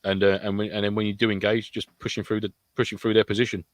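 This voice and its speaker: A British man co-hosting a podcast in casual, animated chat, acting out quotes in silly voices. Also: fairly low pitch, quick pace. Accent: British English. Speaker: podcast co-host.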